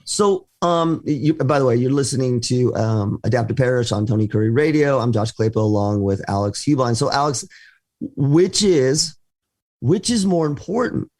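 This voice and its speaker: A man's voice: medium pitch, expressive, normal speed, darkish tone. A man co-hosting a business talk show, speaking conversationally with frequent restarts and hesitations. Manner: hesitant, many restarts and fillers. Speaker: podcast co-host.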